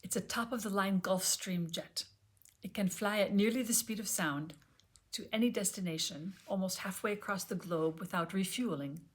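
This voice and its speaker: A woman's voice: mid-range voice, moderate pace, slightly rough, natural voice. A woman voicing a cheerful, enthusiastic woman co-pilot in an audiobook reading.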